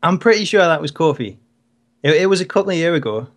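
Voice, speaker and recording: A man co-hosts a wrestling talk show in laid-back conversation. His voice sits a little high for a man, and he is easygoing but hesitant, often stumbling and restarting words as he thinks aloud. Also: quick pace. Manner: relaxed, hesitant, restarts words while working through a thought. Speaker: co-host. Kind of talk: casual chat.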